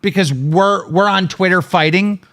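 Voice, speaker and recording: A man's voice: high-pitched, normal speed, a bit bright. A middle-aged man hosting a livestream, ranting in an angry, mocking, profane way. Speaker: livestream host.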